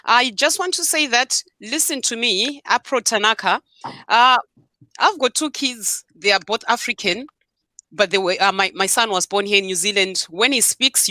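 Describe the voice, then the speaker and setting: A woman's voice: medium pitch, sharp tone, dry recording. A woman hosting a live online show over a video call, speaking firmly to her viewers and mixing Shona into her English. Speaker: host.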